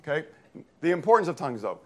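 A man's voice: on the high side, big pitch swings, fast, a little mellow. A man from Pennsylvania preaching a sermon in church as pastor, reading scripture and explaining Greek words, checking in with the congregation often. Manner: teaching, checks in with frequent "okay?".

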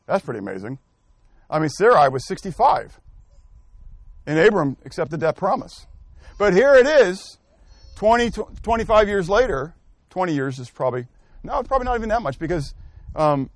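High-voiced man teaching a Bible class. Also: sing-song, normal speed, no room sound. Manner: asks the class questions and calls on people by name; thinks aloud and corrects himself. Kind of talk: interactive scripture lesson.

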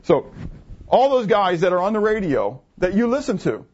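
A man in his fifties delivers a conversational sermon with a slightly higher voice than most men. He keeps throwing rhetorical questions at his listeners and answering them himself. The recording is muffled and lo-fi. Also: big pitch swings, normal speed, darkish tone. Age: 50s. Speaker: pastor.

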